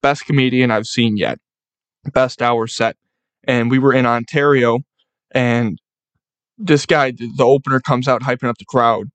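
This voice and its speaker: A man's voice: mid-range voice, steady tone, measured pace, long pauses, fairly bright tone, dry recording. A young man hosts a solo sports podcast, giving a fired-up, profane pep talk to fans. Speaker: podcast host.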